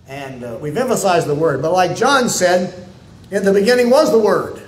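High-voiced pastor guy preaching, folksy and rambling then emphatic, echoey church room. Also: big pitch swings, fairly quick. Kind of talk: sermon. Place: church sanctuary.

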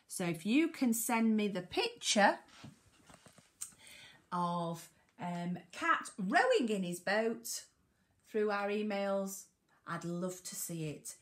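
A woman's voice: medium pitch, fairly bright tone. A woman teacher with a British accent, reading a picture book to young children and sounding out letters. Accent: British English. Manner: slow, sing-song, sounds out letters, asks children questions. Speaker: primary school teacher.

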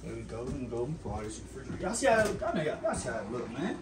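A man's voice: mid-range voice, big pitch swings, very fast, heavy background noise. A young man hosting his own casual cooking vlog, laid-back and talking straight to his viewers while he tastes his food. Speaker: cooking vlogger.

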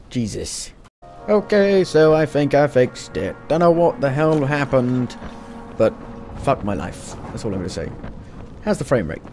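A man giving gameplay commentary at his home computer, exasperated and swearing, scolding the game out loud. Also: mid-range voice. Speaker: let's play gamer.

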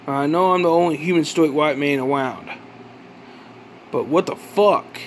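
A man with a notably high speaking voice vents in an accusatory vlog monologue. He fires off profane questions and stumbles into restarts as he goes. A faint background hum sits under his voice. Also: unhurried. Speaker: vlogger. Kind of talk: angry ranting monologue.

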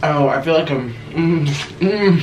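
A young man hosting an eating vlog, talking casually between bites with excited gasps and murmurs. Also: on the high side, unhurried, highs cut off, over music. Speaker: mukbang host. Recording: echoey room with faint noise.

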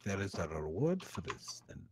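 A man's voice: deep voice, sing-song, moderate pace, slight background noise, voice pushed down. A man playing a brash, formal-talking adventurer. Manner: stiff formal phrasing. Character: brash male adventurer keen to smash foes.

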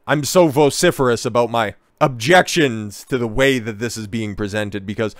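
A man's voice: medium pitch, moderate pace, dry recording, clean studio sound. A man giving reaction commentary as he reads an article aloud, breaking in with sarcastic, profane asides. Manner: sarcastic and profane, interrupting his own reading.

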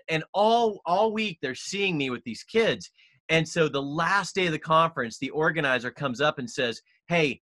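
A man's voice: fairly high pitch, pushed and bright, dry recording. A man, a guest author on a podcast, talking with energy and emphasis as he tells a personal story. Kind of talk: enthusiastic interview talk.

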